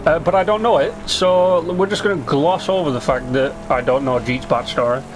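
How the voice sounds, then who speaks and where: A man's voice: a little high, moderate pace, noisy background. A man hosting a let's play, chatting casually and rambling through his game commentary with self-mocking asides, sometimes reading game text aloud.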